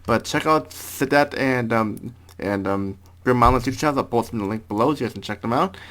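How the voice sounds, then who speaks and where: A man hosting a casual gaming podcast, often halting and repeating words as he wraps up. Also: medium pitch, a bit bright. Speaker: podcast host.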